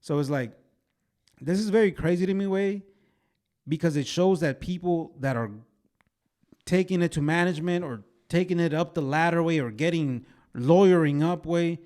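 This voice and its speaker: Animated man telling stories on a podcast. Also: on the high side, normal speed. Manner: animated storytelling, fillers like "way" and "bro". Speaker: podcast co-host. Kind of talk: casual chat.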